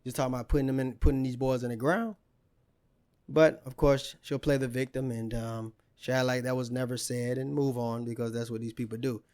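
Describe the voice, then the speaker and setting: A man's voice: medium pitch, steady tone, fairly quick, a little mellow. A man giving an indignant opinion monologue, asking rhetorical questions and repeating himself. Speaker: commentator.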